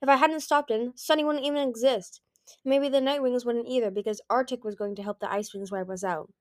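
A huge ancient male dragon, read by a woman, smooth, sure of himself and quick to persuade. He talks breezily, with a slightly raised pitch and a cross edge. This is storybook dragon talk. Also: steady tone, no echo, studio quality, natural voice.

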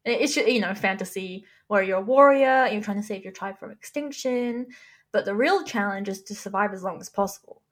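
A woman's voice: medium pitch, brisk. A young woman co-hosting a casual gaming podcast, teasing her co-host with dry wit and reading out news items.

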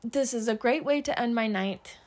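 A woman's voice: on the high side, normal speed. A young woman hosting a casual solo podcast, chatting upbeat about her day with a lot of fillers. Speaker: podcast host.

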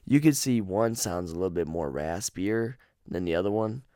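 A man with a very deep voice rambles through a casual podcast chat, swearing freely and joking around. The sound is dry and close, with no room in it. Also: lively intonation, normal speed, few pauses, warm tone, no room sound. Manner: rambling, profane and jokey. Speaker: podcast host. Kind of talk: casual chat about a horror game.

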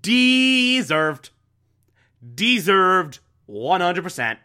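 A man's voice: on the high side, expressive, a little slow, pushed and bright. A young man casually recapping a TV show, enthusiastic and repetitive, with lots of fillers. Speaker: TV recap host.

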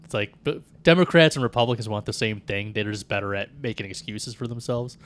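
A man's voice: fairly low pitch, a little fast, a bit bright. A man chatting on a comedy podcast, rambling and self-mocking, often stammering. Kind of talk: casual comedy chat.

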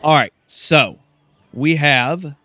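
A man casually narrating a fantasy game he is playing, excitable and swearing at setbacks. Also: a little high, very slow, dry recording. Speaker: gamer. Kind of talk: let's play commentary.

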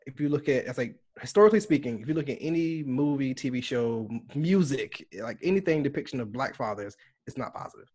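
A fast-talking man from the United States chats on a podcast, full of animated stories and acted-out quotes. His voice is a touch husky. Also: medium pitch. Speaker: podcast guest. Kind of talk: casual podcast chat.

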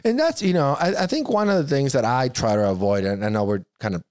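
A man's voice: medium pitch, animated, quick pace, darkish tone, clear, resonant tone, dry recording, studio quality. A middle-aged man co-hosting a podcast, chatting casually in a rambling, profane way with many restarts. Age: around 50. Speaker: podcast co-host. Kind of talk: casual chat.

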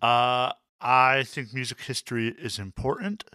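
A man's voice: mid-range voice, steady tone, measured pace, pushed and bright, clear, resonant tone, no room sound, studio quality. A man co-hosting a music teaching podcast, friendly and easygoing, laughing readily. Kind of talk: casual educational podcast chat.

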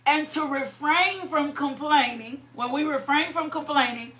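A woman preaching a sermon, slow and fervent, repeating her phrases, praying aloud and breaking into high cries and laughter. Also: a bit bright, echoey room.

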